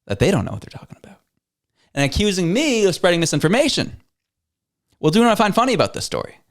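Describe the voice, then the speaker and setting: Canadian podcast host guy, swingy animated voice, laughs a lot reacting to clips. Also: medium pitch. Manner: animated, laughs often, incredulous. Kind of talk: reactive commentary chat.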